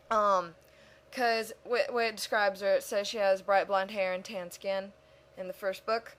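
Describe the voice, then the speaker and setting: A woman's voice: a little high, a bit bright. A woman giving a casual, rambling voice-over for her speed-drawing video, chatty and self-mocking, talking to herself as she goes. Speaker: video creator.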